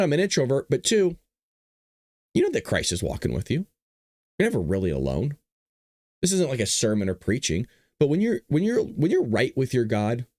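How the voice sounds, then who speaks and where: A man hosting a show, giving sarcastic opinion commentary in an animated way. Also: on the low side, no room sound, clean studio sound. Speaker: show host.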